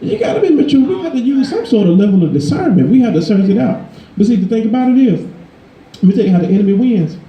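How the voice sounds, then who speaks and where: A man preaching a sermon in a conversational, emphatic way, his voice climbing higher when he drives a point home. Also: big pitch swings, fast, roomy sound, lo-fi sound. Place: church.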